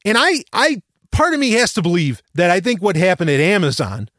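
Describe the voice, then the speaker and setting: Guy rambling thru a story on his podcast, high voice that swoops all over, super dry close sound. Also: a little fast, no room sound. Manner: animated, rambling, with repeated restarts and swearing. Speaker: podcast host. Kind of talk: casual storytelling monologue.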